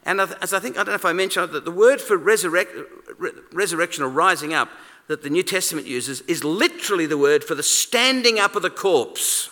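A man preaching a sermon in a conversational, animated way, acting out quoted lines. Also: sits high, fairly quick. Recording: long reverb of a large hall.

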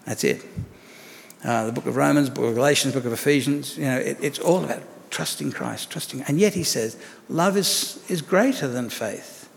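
A man's voice: mid-range voice, normal speed, creaky, long reverb tail. A man preaching a sermon as pastor, conversational and asking rhetorical questions of the congregation.

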